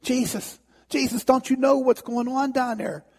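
A man's voice: on the high side, sing-song, moderate pace, creaky, mellow, husky, voice pushed down, heavily acted. A man voicing a frightened, desperate ordinary man who pleads in a sermon story.

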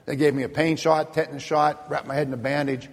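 A minister gives his personal testimony in a gravelly, husky voice, earnest and vivid, stretching out key phrases for weight. His words ring with the long reverb of a large hall. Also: on the high side, flat delivery. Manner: vivid, earnest storytelling with slowed emphatic phrases.

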